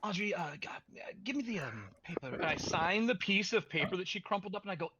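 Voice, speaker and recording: A woman's voice: medium pitch, animated, a little fast, noisy background. A woman playing in a tabletop game, hamming it up as a playful emcee. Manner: showy, playful emcee delivery. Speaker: player. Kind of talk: in-character tabletop role-play.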